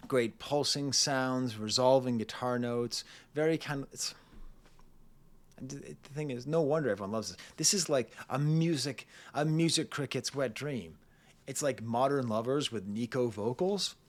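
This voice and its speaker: A man with a voice of ordinary middle pitch gives a casual spoken album review. He rambles from one thought to the next, tosses in jokey asides and laughs often as he talks. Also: unhurried. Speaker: music reviewer, channel host.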